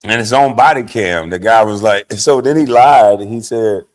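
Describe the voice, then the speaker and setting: A middle-aged man hosting a livestream, telling stories in a casual, profane, animated way, dropping from low mutters to loud outbursts. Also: normal speed. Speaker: livestream host.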